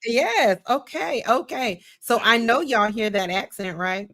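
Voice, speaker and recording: Here a woman with a slightly high, fairly bright voice speaks unhurriedly, her intonation lively. Hosting a casual livestream talk show as a podcast host, she is chatty and folksy, playfully calls her viewers "y'all," talks right to them and tends to repeat herself.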